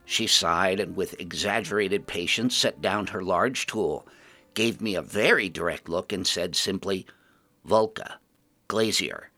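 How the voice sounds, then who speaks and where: A man narrating a fantasy story as a storyteller, with lively, expressive narration. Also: low-pitched, measured pace, faint music behind.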